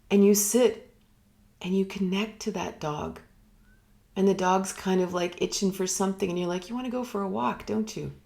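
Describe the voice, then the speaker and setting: A woman giving a reflective spiritual teaching in a live online session, musing and unhurried, sometimes dropping almost to a whisper. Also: mid-range voice, warm tone. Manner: unhurried, musing, drops to near-whispers at times. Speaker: meditation teacher. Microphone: live online broadcast.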